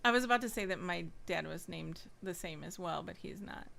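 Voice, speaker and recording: A woman's voice: on the low side, brisk, gravelly, crowd noise. A woman co-hosting a podcast, laughing often and chatting in a friendly way. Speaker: podcast co-host. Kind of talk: casual chat.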